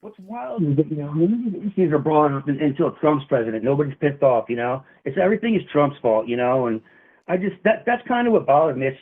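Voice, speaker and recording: A man's voice: fairly high pitch, expressive, quick pace. A man calling in to argue, provocative and rambling with many fillers. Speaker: caller. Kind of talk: call-in argument. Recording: tinny phone line.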